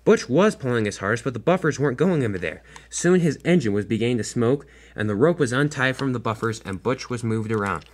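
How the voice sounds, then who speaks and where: A man's voice: mid-range voice, animated, fairly quick, few pauses. A young man narrating a homemade toy train story, often stumbling and restarting his sentences.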